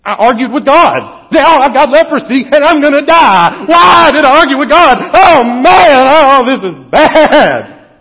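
A man's voice: very high-pitched, animated, measured pace, noisy background, pitched above the performer's own voice, exaggerated voice. A man voicing a frightened man who panics after arguing with God, in a dull echoey hall recording. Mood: panicked. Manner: panicky, loud.

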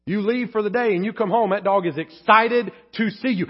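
Male pastor, sermon, emphatic, candid, joking, husky voice, dull lo-fi recording. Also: sits high, a little fast, few pauses.

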